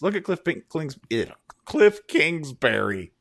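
A man co-hosting a casual sports podcast, joking and animated, his voice jumping up when excited. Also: on the high side, unhurried, gravelly. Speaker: podcast co-host.

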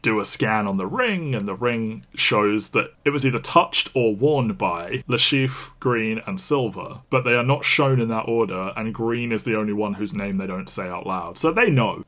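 Podcast co-host, male, lowish register, chatty wry plot recapper. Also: fairly bright tone. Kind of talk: casual film discussion.

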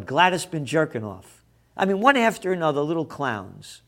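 A man of Italian heritage ranting over news headlines, sarcastic and profane, often shouting. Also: on the high side, very animated, moderate pace. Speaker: commentator.

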